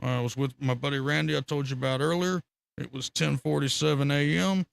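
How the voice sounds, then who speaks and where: A man's voice: on the high side, brisk, gravelly. A man telling rambling, profane fishing stories on a casual live stream. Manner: rambling, profane, animated storytelling with laughter.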